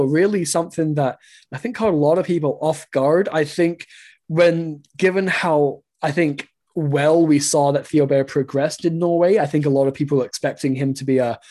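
A man's voice: fairly high pitch, moderate pace, darkish tone. A man from England co-hosts a soccer podcast in easygoing chat, speaking in a somewhat raised register. He rambles through fillers and laughs often. The sound comes through a video call. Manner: rambling, chuckling, lots of fillers. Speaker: podcast co-host.

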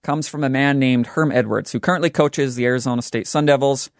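A young man hosting a sports betting show, talking in an animated, joking and emphatic way. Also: medium pitch, fairly quick, dry recording, studio quality. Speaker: sports podcast host. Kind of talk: scripted sports commentary.

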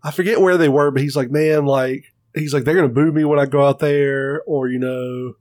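Speaking at medium pitch and a moderate pace, this podcast co-host chats casually and tells stories, cursing liberally and performing the quoted lines in character. The audio is dry and studio quality.

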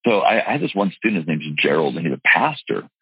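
A man with a very low, gravelly, husky voice tells his life story in an interview. He is earnest and emphatic, stumbling into restarts and leaning on his words. The recording is dull and dry. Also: very animated, quick pace, no echo. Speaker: real estate investor and seminar teacher. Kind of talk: candid personal storytelling in an interview.

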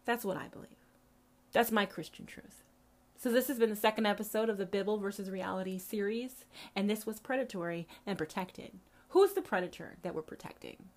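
A woman's voice: medium pitch, a little fast. A woman hosting a podcast, speaking in an impassioned, profane monologue with a preacher-like cadence. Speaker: podcast host.

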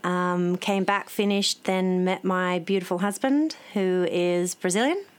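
A woman with an Australian accent, a chatty interview guest who tells her story quickly and laughs often. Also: lowish voice, clean tone. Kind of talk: casual interview chat.

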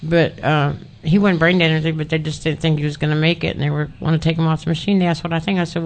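Woman guest on a radio chat telling an old story, gravelly fry in her voice, plain and folksy. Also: low-pitched, fairly even intonation, racing, hardly any pauses, slight background noise. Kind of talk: casual storytelling.

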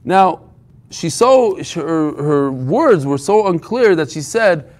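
A man's voice: fairly high pitch, sing-song, slow pace, darkish tone. A man teaching an informal Talmud class, telling the story with humor and frequent restarts.

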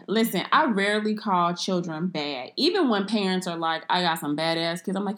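A woman's voice: lowish voice, animated, normal speed, few pauses, fairly bright tone. A young woman co-hosting a casual podcast, blunt and profane, ranting playfully. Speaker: podcast co-host.

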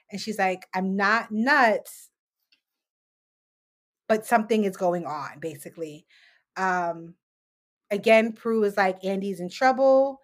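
A woman co-hosting a casual podcast, recapping a TV episode scene by scene and acting out the characters' lines with casual swearing. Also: medium pitch. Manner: animated, acts out quotes, swears casually. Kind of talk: casual chat.

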